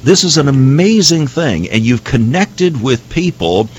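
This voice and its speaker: A man's voice: mid-range voice, sing-song, unhurried, breathy edge, dull audio. A man from the United States hosting a Christian radio talk show, earnest and preacherly, with frequent "uh" fillers.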